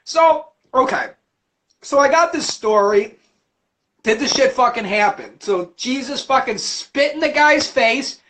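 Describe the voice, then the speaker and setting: A man hosting a livestream, ranting about religion with constant cursing and animated storytelling. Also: very high-pitched, measured pace, a little hiss or hum. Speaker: livestream host. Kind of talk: profane religious rant.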